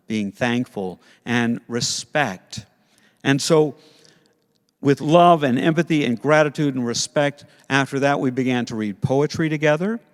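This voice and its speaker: A man's voice: mid-range voice, in a large hall. Playful man teaching Sunday school. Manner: playful, animated storytelling with put-on character voices. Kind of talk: storytelling lesson for kids.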